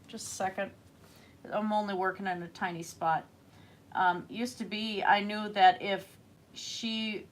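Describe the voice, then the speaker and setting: A woman's voice: mid-range voice, fairly bright tone. Chatty woman painting live. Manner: chatty, rambling, answers viewer comments. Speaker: livestreaming artist. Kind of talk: casual chat while painting live.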